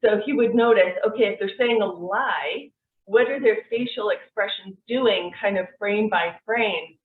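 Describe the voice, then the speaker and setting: A woman teaching an online course, explaining things in a relaxed, conversational way with frequent fillers. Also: mid-range voice, a little slow. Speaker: NLP course instructor. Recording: tinny, echoey, distant mic.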